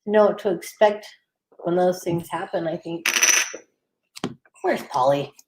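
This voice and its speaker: A woman with a fairly low voice speaks at a measured pace over some background noise. She's co-hosting a recovery livestream in a casual live-chat style, reading viewer comments aloud, chatting, and laughing easily.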